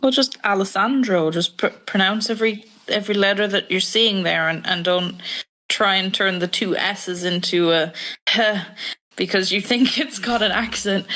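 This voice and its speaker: A woman's voice: mid-range voice, a little slow, a bit bright, poor audio. A woman chatting casually during a game stream, amused and laughing often. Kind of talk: casual gaming chat.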